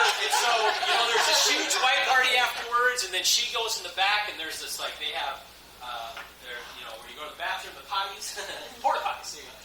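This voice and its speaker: A man telling a story to an audience at an event, animated and laughing often. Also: high voice, noisy background. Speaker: event speaker. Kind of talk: motivational storytelling talk. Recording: echoey hall from far off.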